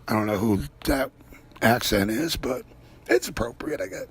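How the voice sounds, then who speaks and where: A man's voice: medium pitch, sing-song, a little fast, vocal fry, breathy edge. A man hosting a show, rambling through a profane, conspiratorial comedic monologue. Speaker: host.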